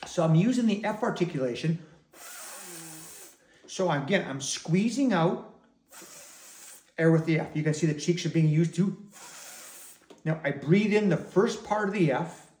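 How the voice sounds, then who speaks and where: A man with a slightly high voice gives a patient, step-by-step lesson on circular breathing for the didgeridoo. His explanation sounds in an echoey room. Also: expressive, a little slow, pauses often, darkish tone. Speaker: didgeridoo teacher. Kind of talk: instructional demonstration.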